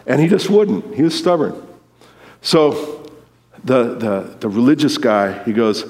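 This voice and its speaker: A man preaching a sermon in a storytelling way, sometimes acting out movie lines with sudden shouts. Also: medium pitch, moderate pace. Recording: long hall reverb.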